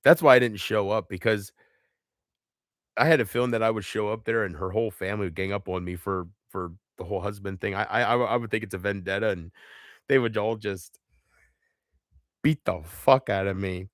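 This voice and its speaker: A man's voice: lowish voice, a little fast, dry recording, studio quality. A man rambling in a live chat, profane and self-mocking, laughing often between thoughts. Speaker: livestream host.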